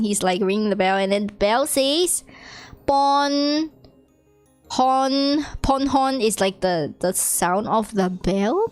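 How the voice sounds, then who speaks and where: A woman giving a casual, self-taught Japanese lesson to friends, chatty and quick to laugh, acting out quoted lines in a lifted voice. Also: mid-range voice. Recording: dry with faint music behind.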